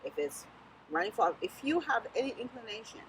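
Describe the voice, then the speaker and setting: A woman's voice: fairly high pitch, big pitch swings, a little fast, creaky, slight background noise, poor audio. A woman with a Southern US accent, a political candidate speaking in an interview in an emphatic, encouraging way that repeats key phrases. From Sierra Leone. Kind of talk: casual interview talk.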